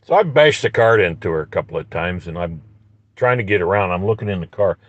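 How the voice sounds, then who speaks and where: A man's voice: deep voice, animated, brisk, no echo, muffled recording. A man telling a story in a profane, angry, rambling rant from inside a parked car. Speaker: vlogger. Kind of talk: ranting storytelling vlog.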